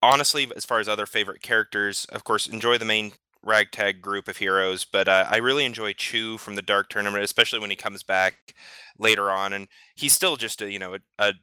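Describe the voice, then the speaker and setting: Bright, crisp-voiced man chatting eagerly. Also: lowish voice, steady tone, fairly quick, no echo. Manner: enthusiastic, stammers on restarts. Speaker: podcast panelist. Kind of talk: casual discussion.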